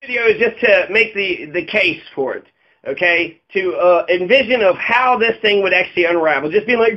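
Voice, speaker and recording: A man's voice: high voice, fairly quick, lo-fi sound. A man delivering a heated, profane political rant, full of sarcastic mocking asides. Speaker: political commentator. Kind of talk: ranting video monologue.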